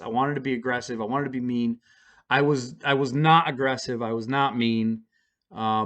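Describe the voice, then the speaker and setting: A man casually telling a personal story to camera, rambling and self-deprecating with halting restarts. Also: medium pitch, fairly bright tone.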